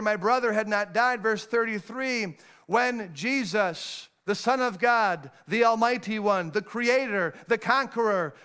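A man, a pastor, preaching a sermon, moving between raised, emphatic lines and hushed, low passages as he reads scripture. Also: smooth. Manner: reads scripture in old-fashioned wording.

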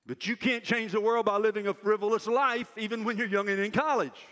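A man's voice: sits high, steady tone, fairly quick. Emphatic older man preaching in an echoing hall. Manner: loud, emphatic preaching that drops to a soft, self-mocking aside. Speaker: university president speaking at chapel. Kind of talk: chapel sermon to students. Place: large chapel hall. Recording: reverberant hall.

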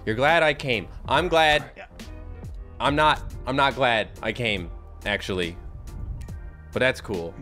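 A man's voice: medium pitch, slow pace, long pauses, pushed and bright, soft background music. A man giving gameplay commentary, self-mocking and chatty, talking to himself and his viewers. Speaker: gaming YouTuber.

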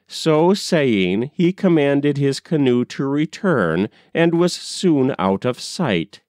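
A man narrating a story aloud at an unhurried pace. His voice moves up and down a lot, and he reads in a measured, expressive way. The recording is dry and close. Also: mid-range voice, dry recording. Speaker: audiobook narrator.

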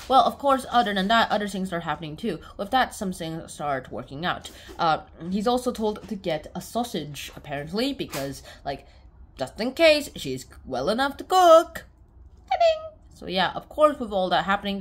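A woman's voice: on the low side, a little hiss or hum. A woman casually summarizing a short story, rambling with lots of fillers. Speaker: book reviewer.

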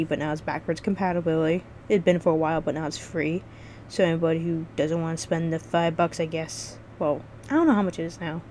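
Woman, game review vlog, lowish voice, casual, rambling, swears a lot, stumbles over words. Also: darkish tone, slight background noise. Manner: rambling, swears freely, restarts often.

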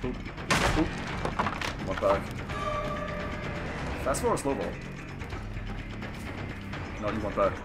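Young male gamer, lively swooping voice, hyped and profane running commentary, game music clearly under him. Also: lowish voice, takes it slowly, long pauses. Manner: hyped, profane, talks to opponents on screen. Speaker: gaming streamer. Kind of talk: live gameplay commentary.

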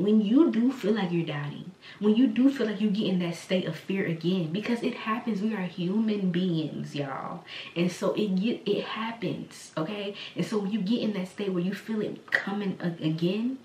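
A woman's voice: medium pitch, moderate pace, darkish tone, recorded from a distance, a little hiss or hum. A woman hosting a faith podcast, preaching in a rambling, conversational way with many fillers and restarts. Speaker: podcast host. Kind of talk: casual spoken sermon. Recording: echoey room, voice from the mic, faint ambience.

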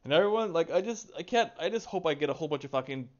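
A gaming video creator rants angrily about a game in a rapid-fire, expressive voice that sits on the high side. He sounds exasperated, swearing constantly and letting out heavy sighs. The audio is dull.

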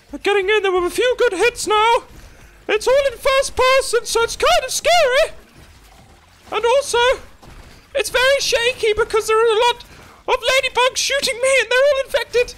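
A woman putting on the voice of a loud, excitable female arena announcer, booming and drawing out her proclamations over game footage. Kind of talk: mock sports-announcer commentary.

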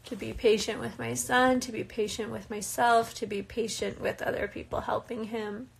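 This young American reality show cast member answers viewer questions in a casual live chat, reading each aloud and laughing a lot. Her slightly high voice has vocal fry and a breathy edge, with a flat delivery at a normal speed.

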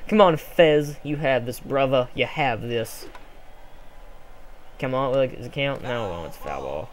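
A young man casually commenting on a sports video game he is playing, rambling and excitable with sudden yells. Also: mid-range voice, measured pace, a little hiss or hum. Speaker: gameplay commentator. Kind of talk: casual let's play commentary.

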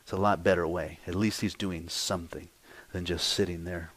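A male pastor preaching a sermon, emphatic, swinging between hushed, slow stretches and loud, raised passages. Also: low voice, steady tone. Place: church.

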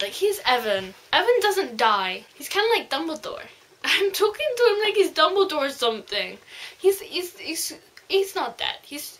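A woman reviewing a book in a casual vlog, gushing and rambling excitedly. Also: sits high.

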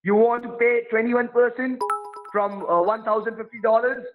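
A man's voice: extremely high pitch, steady tone, normal speed, music in the background. A man playing a support agent on a phone call, pushy and threatening, repeating his demands over and over. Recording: tinny phone line.

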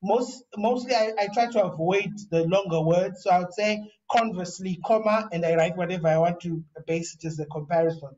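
A male professor gives a relaxed lecture on writing. His voice sits high, and he often repeats himself and restarts his phrases as he talks. The sound is dull and lo-fi, and he is set back from the mic. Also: fairly quick, few pauses. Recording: dull, distant lo-fi recording.

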